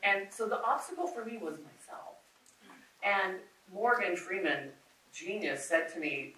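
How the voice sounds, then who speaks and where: A woman film producer telling a personal story on a conference panel, candid and animated, quoting others as she goes. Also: mid-range voice, measured pace. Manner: candid, animated, quotes others in her retelling. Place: conference auditorium. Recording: echoey hall, far from the mic, faint noise.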